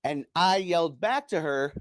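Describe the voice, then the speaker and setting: Reading viewer comments on his casual solo sports podcast, a middle-aged host rambles, repeating himself and using many fillers. His voice is fairly high and fairly bright, at a normal speed, with studio-quality sound and no room noise.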